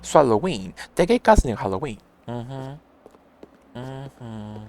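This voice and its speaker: A man's voice: medium pitch, animated, slow, darkish tone. A man streaming a video game, chatting casually with his viewers and reading out their messages as he plays. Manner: chatty, reads chat messages aloud and answers viewers. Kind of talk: casual live-stream chat while playing.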